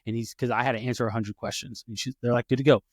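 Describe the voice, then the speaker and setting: A man co-hosting a podcast tells a long story in loose, casual talk at a mid pitch. He slips into other people's voices as he goes and often backs up to restart a sentence. The sound is dry and close, with no room echo. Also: racing. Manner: animated, acts out quoted voices, many restarts. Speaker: podcast co-host.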